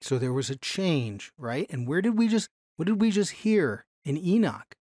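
Teaching a Bible class from his slides, a man speaks in a fairly high voice with animation, often slowing to lean on key phrases. The sound is dry and close, with little room around it and no room sound.

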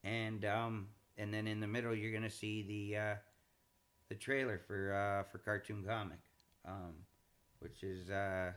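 A man, a comedian and show creator, chatting casually on a podcast, stumbling through restarts and repeated words, his pitch leaping up when he gets excited. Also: unhurried.

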